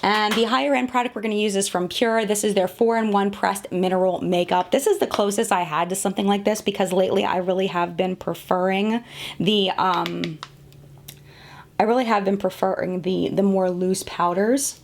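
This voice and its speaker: A woman's voice: mid-range voice, steady tone, normal speed, gravelly, slight background noise. A woman in her thirties reviewing makeup in a casual, chatty way, often laughing at herself, talking to the camera at home. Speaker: beauty vlogger.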